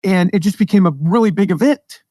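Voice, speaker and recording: An American man with a mostly neutral accent talks through his advice in a casual, lively way. His voice sits a little high for a man. The sound is dry and close, with almost no room behind it. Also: a little fast, no room sound. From American Midwest and South. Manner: energetic, conversational, jumps into quoted voices. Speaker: podcast host, affiliate marketing teacher. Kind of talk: casual teaching monologue.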